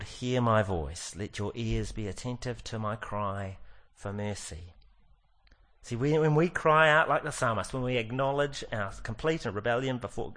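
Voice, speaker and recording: Earnest low-voiced male preacher. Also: a bit bright. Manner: earnest, slows down to stress key lines. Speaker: pastor. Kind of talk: sermon.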